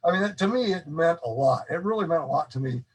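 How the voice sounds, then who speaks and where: A man's voice: on the high side, expressive, fast, slightly rough, low-quality recording. A man being interviewed, telling long, rambling anecdotes with frequent restarts and laughs. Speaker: interview guest, former ranch fairgrounds manager. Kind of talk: casual storytelling interview.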